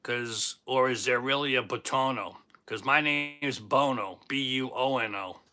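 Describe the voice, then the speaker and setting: A man's voice: mid-range voice, unhurried, bright, forceful tone. A man in his fifties with a Boston accent, hosting a casual livestream, joking and chatting as he reads viewer comments. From Boston, Massachusetts. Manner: jokey, chatty, self-teasing. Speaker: livestream host.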